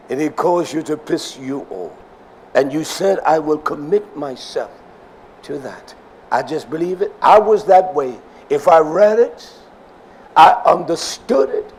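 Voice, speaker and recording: An older man preaching a sermon, swinging from loud emphasis down to near whispers. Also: high voice, gravelly, breathy edge, poor audio.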